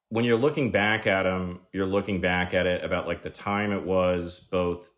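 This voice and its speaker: Low-voiced man telling animated stories. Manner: animated, says "like" a lot, acts out quoted people. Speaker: guest screenwriter. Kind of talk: casual podcast storytelling.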